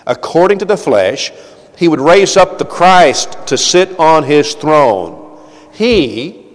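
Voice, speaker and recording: A man preaching a sermon, earnest, repeating words as he goes, his delivery swinging between loud and soft. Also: on the high side, very animated, slow, big-room sound.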